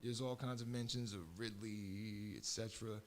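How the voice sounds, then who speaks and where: A man's voice: lowish voice, fairly even intonation, normal speed. A man with a Philadelphia-area accent, hosting a radio show in a rambling, chatty way, often correcting himself mid-sentence. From southeastern Pennsylvania. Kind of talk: casual talk radio chat.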